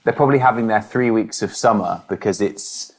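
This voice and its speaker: A man's voice: lowish voice, fairly quick. A man, a musician co-hosting a podcast, chatting in a wordy, self-mocking way. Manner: wordy, self-deprecating, rambling with fillers. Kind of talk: casual chat.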